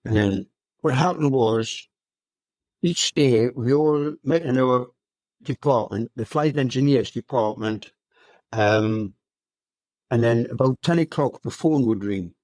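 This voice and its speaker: A hundred-year-old man recounting his wartime memories as an interview guest, speaking in a halting, unhurried way with many fillers. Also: medium pitch, a little mellow, no room sound. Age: 100. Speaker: RAF veteran guest.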